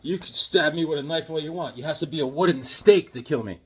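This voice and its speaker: A man's voice: a little high, fast talker, husky. A man voicing a menacing male vampire hitchhiker who taunts his victim with gleeful threats.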